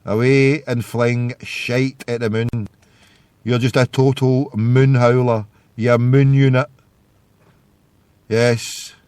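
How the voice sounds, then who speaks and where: A man's voice: medium pitch, level tone, slow pace, pauses often, darkish tone, clean tone, dry recording. A Scottish man hosting a live internet radio call-in show, ranting and hurling insults in a rambling way.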